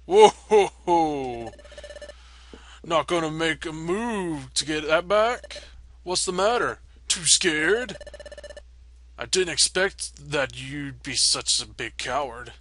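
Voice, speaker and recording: A man voicing a pair of sneering male bullies in a game, taunting in drawn-out lines. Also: a little high, animated, fairly bright tone, slight background noise. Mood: mocking. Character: sneering male bully thugs, mocking.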